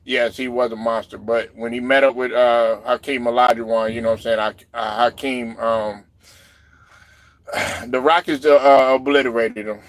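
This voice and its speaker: A man hosting a loose sports talk stream, rambling with plenty of fillers and asides. His voice sits at an ordinary middle pitch. The sound is dry, with no room around it. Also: fairly even intonation, moderate pace, no echo. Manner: loose, rambling, lots of fillers and "you know what I'm saying". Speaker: livestream host reading chat.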